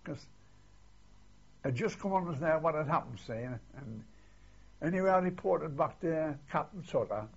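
On an old, muffled archival recording, an older man rambles through memories of his war service, often ending lines with "see." His fairly high voice is animated, creaky and husky, with a moderate pace and long pauses in this oral history interview.

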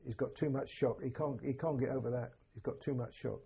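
An older English man, a war veteran, telling an oral history in a halting, plain-spoken way with a husky voice. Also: mid-range voice, steady tone, mellow, muffled recording. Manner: halting, plain-spoken storytelling with many restarts. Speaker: war veteran recounting memories.

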